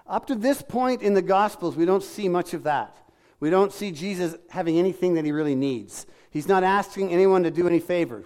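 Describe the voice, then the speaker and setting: Conversational male preacher, slightly high voice. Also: a little fast, a little mellow. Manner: conversational, acts out quoted lines, asks the congregation questions. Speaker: pastor. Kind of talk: sermon.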